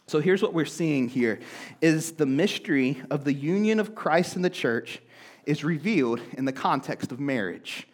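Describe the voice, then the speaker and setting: A young man preaching a casual sermon, animated and chatty, full of asides. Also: on the high side, normal speed. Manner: animated, chatty, fills talk with "like". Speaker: pastor.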